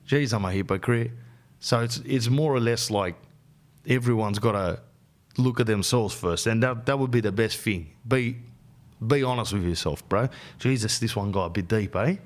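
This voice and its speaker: A man's voice: fairly low pitch, moderate pace. Blunt Australian man giving advice. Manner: blunt and slangy, keeps calling the listener "bro". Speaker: podcast host. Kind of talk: casual podcast monologue giving life advice.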